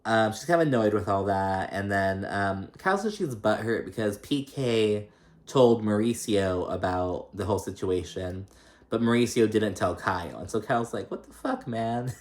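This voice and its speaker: A man's voice: normal speed, a little mellow. Chatty young man recapping reality TV. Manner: chatty and profane, laughing often, mimicking cast members in a high voice.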